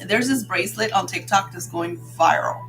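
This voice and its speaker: A woman's voice: on the low side, moderate pace, gravelly, fairly bright tone, poor audio. Older woman, spiritual teacher, casual live class, tells stories and laughs a lot, faint music underneath. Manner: chatty storytelling with frequent laughs.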